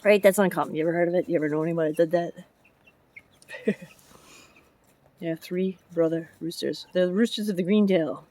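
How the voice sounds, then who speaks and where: A woman's voice: lowish voice, brisk, long pauses, mellow, dry recording. A woman vlogging in a casual rambling way, hopping between topics and chatting about her chickens and her job driving dump trucks. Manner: chatty, jumps between topics, laughs often. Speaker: vlogger and public works truck driver. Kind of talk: casual rambling vlog chat.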